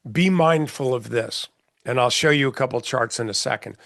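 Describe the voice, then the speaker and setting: A man's voice: mid-range voice, moderate pace, creaky, a bit bright, dry recording, clean studio sound. A middle-aged man, a trading mentor, giving blunt, folksy market commentary in a casual session, with many fillers and restarts.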